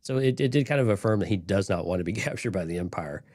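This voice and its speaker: A man co-hosting a podcast, chatting casually with quick, joking reactions. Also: lowish voice, expressive, a little mellow, no room sound, studio quality. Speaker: podcast co-host.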